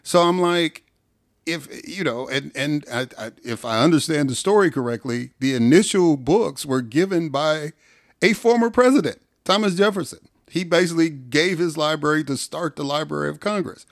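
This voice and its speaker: A man's voice: fairly high pitch, moderate pace, no room sound. Guy hosting a podcast, joking and kinda sarcastic, dry close mic. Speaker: podcast host. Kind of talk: conversational interview.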